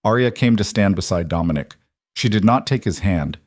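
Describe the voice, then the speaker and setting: A man giving measured, deliberate scripted narration of a crime drama. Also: low voice, animated, dry recording, clean studio sound.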